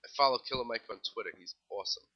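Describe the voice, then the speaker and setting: A young New York City man with a mid-range voice talks very fast, hosting a casual solo music news show. He rattles off festival lineups, tossing in wry, offhand asides along the way. The lo-fi recording sounds slightly dull.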